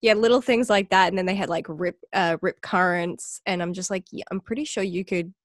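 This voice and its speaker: Brief: Australian woman guest, bubbly and expressive, plays out quotes in her stories, dry close recording. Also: lowish voice, a little fast, no room sound. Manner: animated, acts out quoted remarks with laughter. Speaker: podcast guest. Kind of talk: casual chat.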